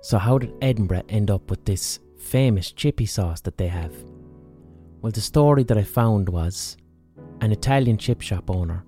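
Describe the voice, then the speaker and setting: A man's voice: fairly low pitch, normal speed, warm tone, soft background music. A man hosting a podcast, telling a history story in a casual, profane, jokey way and acting out the people he quotes. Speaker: podcast host.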